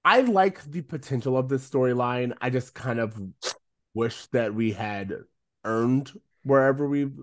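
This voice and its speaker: A man's voice: medium pitch, measured pace. A man co-hosting a casual podcast, reacting to a TV episode and acting out quoted lines in voices. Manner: animated, acts out quoted lines in character voices. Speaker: podcast co-host. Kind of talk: casual rewatch podcast chat.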